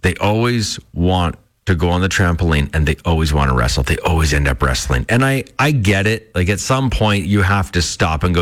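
A deep-voiced, middle-aged man hosting a morning radio show. He talks casually and with a lot of swing in his voice, acting out the lines he quotes. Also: a little fast, hardly any pauses. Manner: animated storyteller who acts out his own quotes. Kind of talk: casual on-air monologue.

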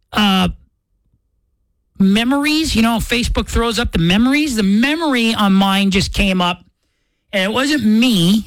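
A man hosting a morning radio show, chatting casually in an animated, rambling, self-mocking way. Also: high voice, no room sound, rough recording. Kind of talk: casual on-air chat.

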